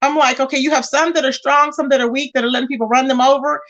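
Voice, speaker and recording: High-voiced sassy woman chatting live. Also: fairly even intonation, quick pace, fairly bright tone, dull audio. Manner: chatty, sassy, greets viewers by name. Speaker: livestream host. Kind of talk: casual live chat, reading viewer comments.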